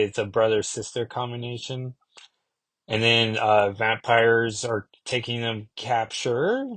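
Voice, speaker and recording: A man's voice: medium pitch, a bit bright, dry recording. A casual man reviewing comics, dry sound. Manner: rambling, with many fillers and self-corrections.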